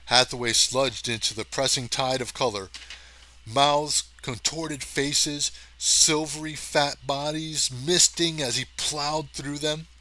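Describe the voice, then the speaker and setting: A man reading a science fiction story aloud as narrator, steady and even. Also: on the high side, slow. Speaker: audiobook reader. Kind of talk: scripted narration.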